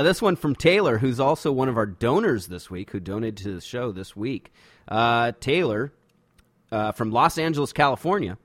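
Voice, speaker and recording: A man hosting a podcast in casual chat, reading listener emails in a relaxed, filler-heavy way, often saying "man.". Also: mid-range voice, no echo. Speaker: podcast host. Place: home studio in a backyard.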